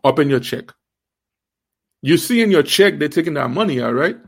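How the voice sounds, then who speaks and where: A man's voice: expressive, vocal fry, slightly rough. Guy with an accent preaching on his stream, keeps asking do you know, stumbles and restarts, voice jumps up when he pushes a point. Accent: non-native accent. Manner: emphatic, repeated rhetorical questions; halting restarts, rising pitch when stressing. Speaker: host of an online faith series. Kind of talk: livestream preaching.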